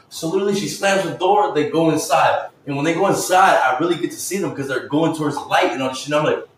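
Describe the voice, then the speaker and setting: A man's voice: a little high, fast, a little hiss or hum. A young man telling a casual, rambling story full of slang and swearing. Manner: slangy, profane, rambling and animated. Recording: roomy echo, mic far off.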